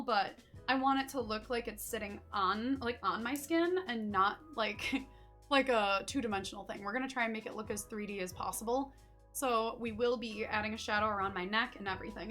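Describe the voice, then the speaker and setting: Young woman, high bright voice, bubbly livestream artist chatting as she works, faint music under her. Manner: bubbly, gushing, talks to chat while working. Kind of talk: casual livestream chat while body painting.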